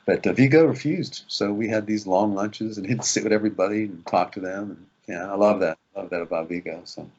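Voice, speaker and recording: A man's voice: lowish voice, fairly quick, hardly any pauses, a little mellow, dull audio. A male actor in a casual interview, telling behind-the-scenes stories animatedly, acting out quotes and laughing often.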